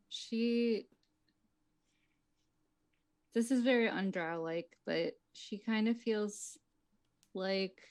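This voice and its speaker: A woman player in a tabletop game, talking casually and haltingly as she searches for her words. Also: mid-range voice, warm tone, clean tone.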